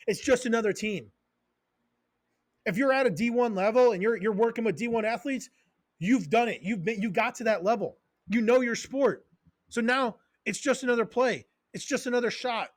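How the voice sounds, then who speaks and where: A man's voice: very high-pitched, normal speed, no room sound, studio quality. A man hosting a podcast as a strength coach, ranting in a casual, profane, fired-up way with many tangents and punchy repeated phrases. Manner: emphatic repeated short phrases.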